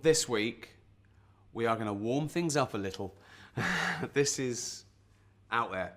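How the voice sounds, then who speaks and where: An actor plays a self-deluded sales rep in his 40s posing as a guitar teacher in a comic mock lesson, speaking slowly in a medium-pitched voice with lively intonation. He rambles awkwardly and boastfully, full of ums and nervous chuckles.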